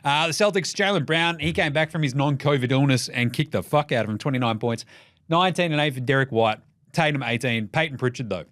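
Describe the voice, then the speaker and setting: An Australian man hosting a basketball podcast, riffing in a jokey, profane, rapid-fire way. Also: mid-range voice, a bit bright, no room sound, clean studio sound. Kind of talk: casual solo commentary.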